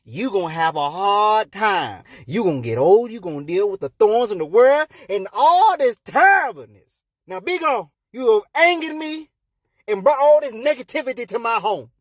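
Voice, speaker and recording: Blustering God figure, a man putting it on, high, hollering, lively swings, dry sound. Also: moderate pace, dry recording. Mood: scolding. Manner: high-pitched hollering and scolding in slang. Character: loud, blustering male God, short-tempered. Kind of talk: comedic storytelling.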